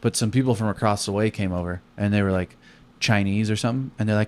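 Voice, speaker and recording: Young male comic host, low voice, profane and animated storyteller. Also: fast talker. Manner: profane, animated, acts out quotes loudly. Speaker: comedian podcast host. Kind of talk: casual storytelling chat.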